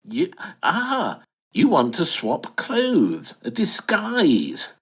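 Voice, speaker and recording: An actor playing a bumbling, posh English retiree, flustered and hesitant in a comic audio drama. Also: male voice, sits high, huge pitch swings, drawn-out words, creaky, full character voice. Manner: flustered, posh, hesitant, wildly swooping delivery. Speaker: lead character and narrator.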